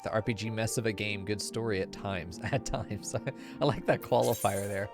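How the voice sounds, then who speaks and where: A man's voice: fairly low pitch, steady tone, normal speed, gravelly. A man streaming a game, joking and swearing freely as he chats with his viewers. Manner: profane, joking, talks to chat. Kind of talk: casual live-stream chatter. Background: game music.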